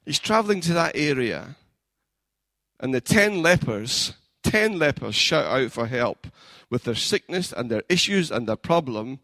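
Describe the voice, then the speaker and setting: A man, a pastor preaching a sermon in a church, building from plain storytelling up to fervent shouting. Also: medium pitch, expressive, unhurried, no room sound.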